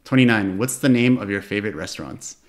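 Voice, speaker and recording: A man's voice: on the low side, expressive, quick pace. Man reading interview questions. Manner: reading numbered questions, brief friendly replies. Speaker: podcast host.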